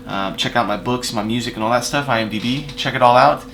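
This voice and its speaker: A man telling a personal story in a casual vlog, rambling with fillers and restarts and swinging between loud emphatic bursts and quiet asides. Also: mid-range voice, fast talker, creaky, hardly any pauses, a little hiss or hum, rough recording.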